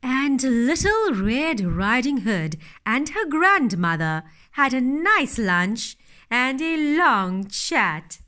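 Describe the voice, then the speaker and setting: Slow gentle woman reading a fairytale. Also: high voice, big pitch swings. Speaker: storyteller. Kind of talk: storybook reading.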